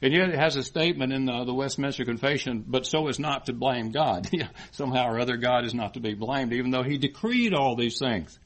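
A man delivering a sermon with an earnest, explanatory manner. He circles back over his phrases and rises in force when he quotes scripture. His voice sits at an ordinary middle pitch. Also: brisk. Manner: earnest, repeats and restarts phrases, rising emphasis on scripture. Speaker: preacher.

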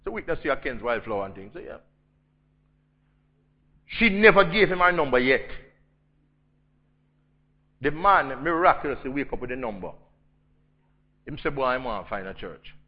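Husky Jamaican preacher, dull lo-fi sound. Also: male voice, mid-range voice, big pitch swings, moderate pace, long pauses. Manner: swings between loud emphasis and hushed intensity. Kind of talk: storytelling sermon.

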